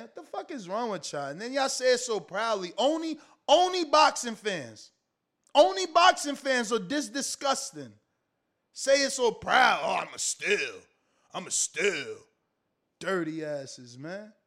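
A man's voice: very high voice, fairly bright tone. A man hosting a boxing call-in show, ranting profanely and mocking callers over and over. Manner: profane, mocking, repeats himself. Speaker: boxing podcast host. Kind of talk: taking calls, heated rant.

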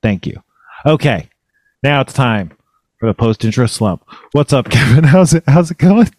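Deadpan man hosting a comedy podcast. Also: medium pitch, moderate pace, dry recording, clean studio sound. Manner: deadpan, self-mocking and rambling. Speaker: podcast host. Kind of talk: casual comedic podcast chat.

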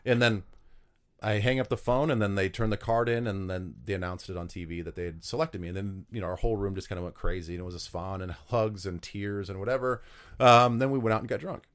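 A man's voice: lowish voice, fast talker. A man from South Dakota, a former pro football player, telling stories in an interview, rambling with lots of fillers and restarts. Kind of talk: storytelling interview answers.

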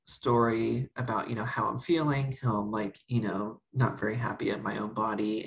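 Her voice is extremely low and the audio poor. This young podcast co-host shares something from her own life in a relaxed conversation, bringing it to life by imitating what her relatives said.

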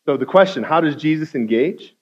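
A man giving a guest sermon in a casual, conversational way, acting out quotes and rising to loud intensity. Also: on the high side, lively intonation, a little fast, breathy edge, dull audio. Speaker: guest speaker.

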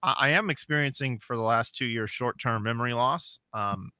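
A man's voice: medium pitch, moderate pace, pushed and bright, slight background noise. A man in his forties chatting casually as a podcast co-host, telling rambling self-deprecating stories with many restarts. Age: 40s. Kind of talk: casual chat.

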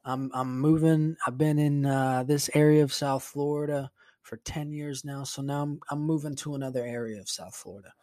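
A man's voice: mid-range voice, fairly even intonation, normal speed, mellow. A man hosting a podcast, telling a rambling, profane story in a casual monologue, sounding exasperated. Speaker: podcast host.

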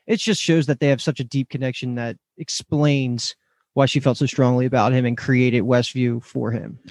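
A man's voice: medium pitch, steady tone, moderate pace, darkish tone, dry recording. A man co-hosting a podcast, analytically explaining story context in casual chat. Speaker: podcast co-host.

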